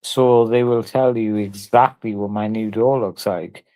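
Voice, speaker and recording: A man's voice: fairly low pitch, fairly even intonation, unhurried, mellow, dry recording, rough recording. A drunk man, ranting on a livestream in a profane, rambling and repetitive way. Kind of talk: angry livestream rant.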